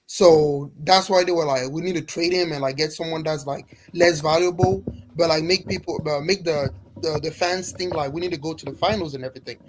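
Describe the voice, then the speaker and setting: A man's voice: a little high, fairly even intonation, fairly quick, hardly any pauses, a little hiss or hum. A man rambling through a casual group chat, full of filler words. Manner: rambling, heavy on fillers like "like" and "bro". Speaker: panel guest.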